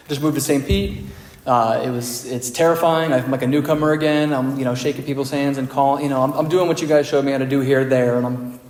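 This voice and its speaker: Male speaker, mid pitch, fairly monotone, candid and wry, recorded from a reverberant meeting hall. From United States. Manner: candid, self-deprecating, conversational. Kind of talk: personal recovery talk. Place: meeting room.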